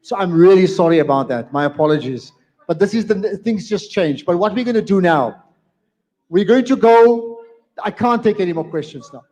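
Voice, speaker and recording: At a live event in a community centre hall, a man with a high, expressive, slightly mellow voice moderates a debate at a moderate pace. He's emphatic, repeating phrases to hold the room, firm but apologetic, and a long hall reverb trails his words.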